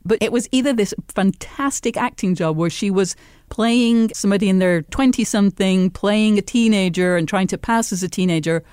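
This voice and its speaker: A woman's voice: mid-range voice, a little mellow, dry recording, studio quality. Wry chatty woman podcast co-host. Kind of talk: casual chat reviewing a TV episode.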